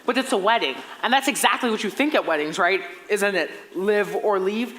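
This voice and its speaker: A woman's voice: medium pitch, a little fast, fairly bright tone, lightly acted, low-quality recording. A young woman playing a lonely male musical fan who talks wistfully to the audience in a stage play. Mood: rambling. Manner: chatty, wistful asides to audience. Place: theater stage.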